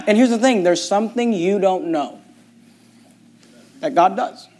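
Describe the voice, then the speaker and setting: A male pastor preaching a sermon, reading scripture and swinging between quiet, slow passages and loud, impassioned ones. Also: high-pitched.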